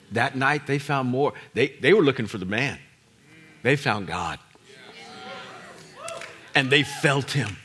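A man preaching a sermon as pastor, swinging from hushed, low lines to loud shouted peaks and repeating words for emphasis. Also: takes it slowly, pauses often, slightly rough.

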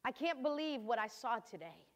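A woman's voice: on the high side, big pitch swings, moderate pace. An older woman voicing a devoted mother from scripture, reading her diary entries earnestly and with feeling. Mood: grieving. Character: grieving then joyful mother of a holy son.

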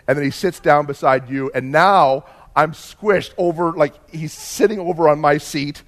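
A man preaching as a pastor in a church, telling a personal story in a lively way, moving from quiet asides to loud bursts. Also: fairly high pitch, normal speed. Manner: animated storyteller, swings from hushed to loud.

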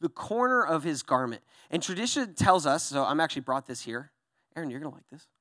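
A young man preaching a sermon in a casual, chatty way, often pausing to ask his listeners "okay?" or "right?". He tells the Bible story with lively swings in pitch and playful put-on voices for its characters. His voice sounds dry and close to the mic. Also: no echo. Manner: animated storyteller, acts out voices in Bible passages; conversational, frequent "okay?" and "right?". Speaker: pastor.

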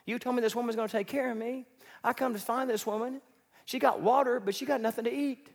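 A man's voice: very high-pitched, fairly even intonation, quick pace, big-room sound, pitched above the performer's own voice. A man voicing a weary male prophet who gripes and complains in a comic, exasperated way.

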